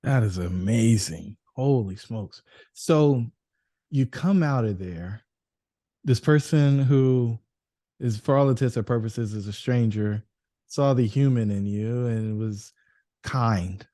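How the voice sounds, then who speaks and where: A man hosting a podcast, answering his guest with warm, affirming reactions. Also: mid-range voice, takes it slowly. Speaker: podcast host. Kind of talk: interview conversation.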